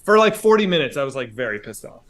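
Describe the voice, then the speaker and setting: A man casually telling a story on a comedy podcast, swearing often and acting out shouted quotes. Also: fairly high pitch, very animated, fast.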